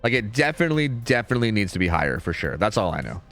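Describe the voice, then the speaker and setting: A man's voice: on the low side, very animated, racing, fairly bright tone, soft background music. A young man streaming, ranting casually in a rambling way, full of "like" and "dude" and some swearing.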